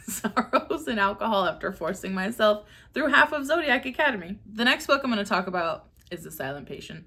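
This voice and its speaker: A woman's voice: mid-range voice, animated, moderate pace, a bit bright. A young woman vents in a casual book-review vlog. Her delivery is sarcastic and exasperated, with frequent swearing and bursts of laughter.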